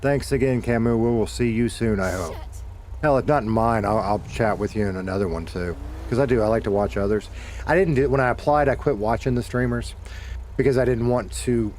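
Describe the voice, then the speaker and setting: A man's voice: lowish voice, darkish tone, a little hiss or hum. Chatty Southern man streaming a game. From Deep South of the United States. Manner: rambling and self-correcting, with bursts of cursing. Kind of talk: casual chat to viewers while gaming.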